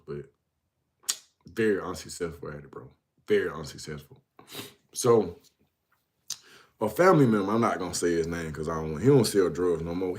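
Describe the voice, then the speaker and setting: Low-sitting and darkish in tone, this male host's voice carries relaxed storytelling on his own show. He laughs a lot and keeps addressing the listener as "bro."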